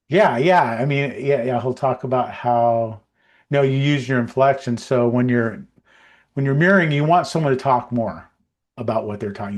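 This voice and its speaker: Podcast co-host, male, casual and meandering, average pitch, lots of filler. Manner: relaxed, rambling, many fillers and restarts.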